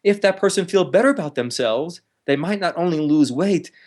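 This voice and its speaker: A man, a counselor, talks as an interview guest, explaining with lively energy, laughing now and then and acting out harsh inner voices. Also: on the high side, normal speed. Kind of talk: explanatory conversational talk.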